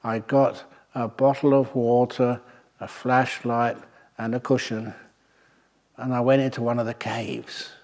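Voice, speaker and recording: A man's voice: mid-range voice, level tone, a little slow, darkish tone. A man, a Buddhist monk, giving a humorous storytelling talk at a meditation retreat, wry and anecdotal with the odd filler.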